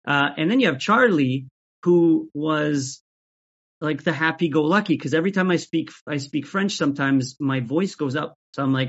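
A man talking as an interview guest about making sketches, even-keeled and often restarting his sentences. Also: fairly high pitch, moderate pace, slightly rough. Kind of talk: casual interview chat. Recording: dull lo-fi audio.

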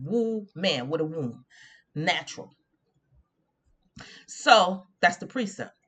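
Slow, lively-pitched woman preaching. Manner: preachy, drawn-out emphasis, humming agreement. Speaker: radio preacher. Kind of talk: informal sermon.

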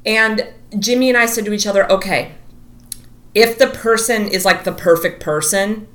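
Bright, animated woman telling a story. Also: medium pitch, moderate pace. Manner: animated, acts out quotes, says "like" a lot. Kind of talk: casual storytelling chat.

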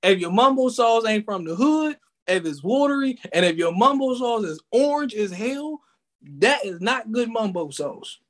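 A man's voice: extremely high pitch, normal speed. A man with a Washington DC accent in casual, slangy, emphatic chat with a co-host. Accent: Washington DC area. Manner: animated, slangy, emphatic storytelling.

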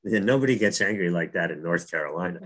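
A man's voice: low voice, animated, quick pace, a bit bright. A middle-aged man from New Jersey telling a personal faith story in casual, earnest talk, with frequent restarts. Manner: earnest, repeats words and restarts.

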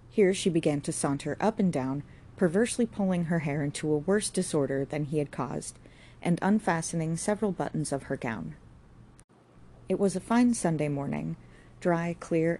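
A woman narrating a classic novel as an audiobook, reading in a measured, steady way. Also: deep voice, a little hiss or hum.

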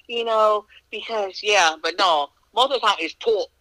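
A woman with a Northern US accent co-hosting a podcast, talking in a blunt, profane, animated way. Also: mid-range voice, normal speed, hardly any pauses, no echo, poor audio. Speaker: podcast co-host. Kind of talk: casual chat.

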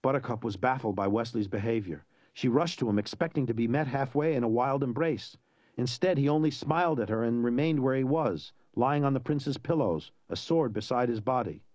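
A man's voice: mid-range voice, dry recording. Man narrating a story, dry sound. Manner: even, measured storytelling. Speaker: reader. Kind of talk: audiobook narration.

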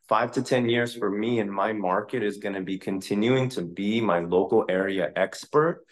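Low-voiced man, candid realtor chatting. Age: 30s. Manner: candid, conversational, occasional profanity. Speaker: realtor and podcast host. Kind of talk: casual interview answers.

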